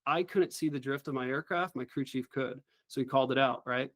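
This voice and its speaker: A middle-aged man, a former helicopter pilot, telling a story as an interview guest in an earnest, animated way. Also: medium pitch, brisk, no echo.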